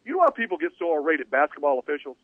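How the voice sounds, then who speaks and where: A man's voice: fairly high pitch, big pitch swings, rapid-fire. Opinionated sports radio host, man. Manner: emphatic, opinionated, rambling with restarts. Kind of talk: sports talk radio commentary. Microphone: studio radio mic. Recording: dry phone-like radio audio.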